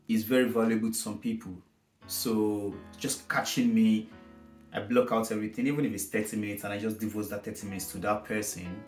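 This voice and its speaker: A man vlogging casually about his own life, emotional and reflective, wandering off on tangents as he talks. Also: lowish voice. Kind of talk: casual personal storytelling. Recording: roomy echo with faint guitar music.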